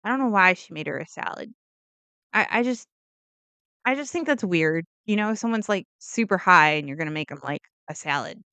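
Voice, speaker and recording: A woman's voice: on the low side, lively intonation, normal speed, sharp tone, smooth, dry recording. A woman casually telling a true crime story as a vlogger, rambling with lots of "like" and opinionated asides and disclaimers. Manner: rambling, heavy use of "like", self-interrupting asides.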